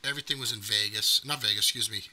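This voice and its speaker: A man hosting a casual interview show, asking quick, joking questions. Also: on the low side, a loud crowd, poor audio. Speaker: podcast host.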